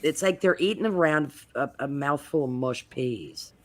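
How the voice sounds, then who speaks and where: A man's voice: a little high, normal speed. A man on a podcast panel in casual chat, telling rambling anecdotes full of restarts.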